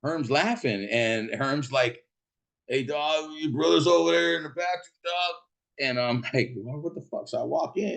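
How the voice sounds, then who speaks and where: A man casually telling a rowdy, profane story, laughing as he goes and acting out the people in it. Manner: profane, laughing, acts out quotes in a shouting high voice. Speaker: podcast host.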